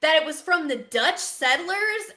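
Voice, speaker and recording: A woman co-hosting a casual live-stream sports chat who tells animated stories and laughs often. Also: high voice, measured pace, crowd noise. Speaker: co-host.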